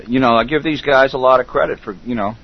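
A middle-aged man hosting a casual internet radio chat, talking haltingly with lots of fillers and restarts. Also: mid-range voice. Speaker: host. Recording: dull lo-fi call audio.

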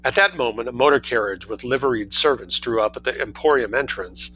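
A man reading a story aloud in a relaxed, lively way, doing voices for the characters. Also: mid-range voice, a little fast, a little hiss or hum, poor audio.

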